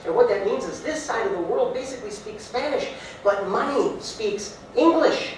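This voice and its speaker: A man's voice: sits high, lively intonation, moderate pace. Folksy man debating in an echoey hall. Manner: folksy, rambling, with filler words. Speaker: mayoral candidate. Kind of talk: debate answer. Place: large echoey hall, heard from far off. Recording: echoey hall, distant mic, faint hiss.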